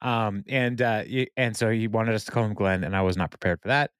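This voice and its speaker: Lower-voiced man laughing through a recap. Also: fairly quick, smooth, dry recording, clean studio sound. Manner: laughs often, retells scenes with quoted lines. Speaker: podcast co-host. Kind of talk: casual chat recapping a TV episode.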